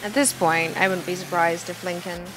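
A woman's voice: fairly low pitch, fairly even intonation, normal speed, background noise. A woman giving casual, chatty commentary as she plays a video game, reading objectives aloud and laughing at what happens. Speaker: gaming video host.

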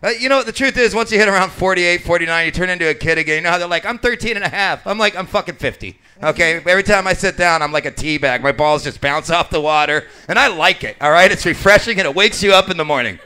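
A man's voice: sits high, fast talker, few pauses, bright, forceful tone, clear, resonant tone. A man in his late forties from Alaska doing a live stand-up set at a brewery bar, telling crude, profane, self-mocking jokes. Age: late 40s. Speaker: stand-up comedian.

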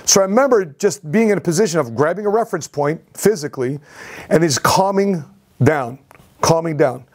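A man with a somewhat high voice tells his own story straight to camera. He speaks in an animated, repetitive way, circling back to the same phrases as he goes. It is a casual storytelling vlog. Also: moderate pace. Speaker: entrepreneur vlogger.

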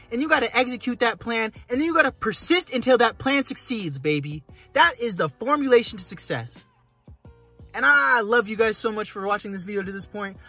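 Young man, husky, bright, motivational pep talk, faint background music. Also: high-pitched. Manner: calls the listener brother and man. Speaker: host. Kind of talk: reading and reacting to a forum post.

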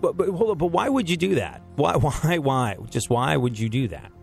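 A man's voice: on the high side, lively intonation, normal speed, vocal fry, faint music behind. A man hosting a casual comedy podcast, rambling through stories with frequent laughs and restarts. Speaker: podcast host.

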